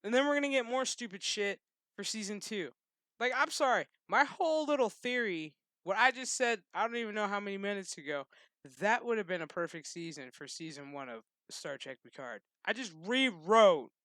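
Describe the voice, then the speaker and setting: A man hosting his own channel, ranting casually and profanely in a rambling, animated way. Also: high voice, clean tone, no echo, clean studio sound. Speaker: gaming channel host. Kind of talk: casual rant.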